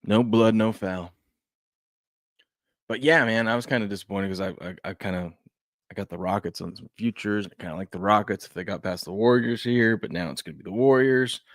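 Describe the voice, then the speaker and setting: This fairly quick-talking host of a casual sports show has a voice sitting a little low. His sentences wander, repeat, and restart amid fillers, and the audio is close and dry with no room sound.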